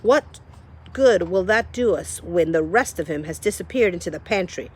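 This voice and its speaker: A woman voicing a harsh, impatient female cook who shouts and scolds. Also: lowish voice, lively intonation, moderate pace, slightly rough. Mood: shouting, scolding.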